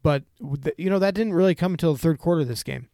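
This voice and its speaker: A man with a fairly high voice talks football in a casual co-host chat, measured and analytical as he breaks down play calling. The sound is dry and close to the mic. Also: warm tone, no room sound. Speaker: podcast co-host.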